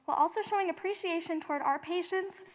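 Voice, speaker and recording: A young woman student reading a pledge aloud in an earnest, measured way. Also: very high voice. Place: large auditorium. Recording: reverberant hall.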